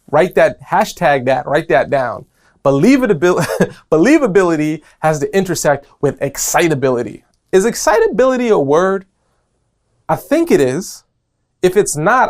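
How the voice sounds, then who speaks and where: Gravelly, playful New York man. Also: a little high. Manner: playful, rambling, animated, jokes and tangents. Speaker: podcast host. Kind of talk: solo motivational podcast talk.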